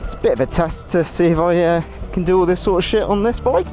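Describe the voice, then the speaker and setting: Young man, slightly high voice, casual self-mocking ride commentary over music. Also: fast, mellow. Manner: exclaiming, laughing at himself, swearing. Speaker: motorcycle vlogger. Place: outdoors on a motorbike trail. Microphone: action camera with portable recorder.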